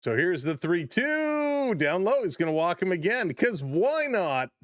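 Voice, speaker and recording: Guy doing baseball play-by-play on a stream, higher voice, jokey, laughs a lot, dry sound. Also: big pitch swings, measured pace, no room sound. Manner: chatty, joking, laughs often. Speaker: live-stream baseball commentator. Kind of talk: casual play-by-play with chat shout-outs.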